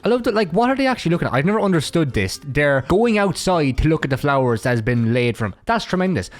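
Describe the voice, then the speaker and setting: An Irish man giving crude, mocking reaction commentary, swearing freely as he riffs on clips and memes. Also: medium pitch. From Ireland.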